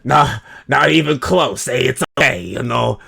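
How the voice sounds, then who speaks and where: A man's voice: mid-range voice, animated, unhurried, vocal fry, sharp tone, breathy edge, exaggerated voice. A man putting on a hammy Italian mob boss voice with a mock New York mobster accent, joking and stumbling over words. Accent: put-on New York Italian mobster.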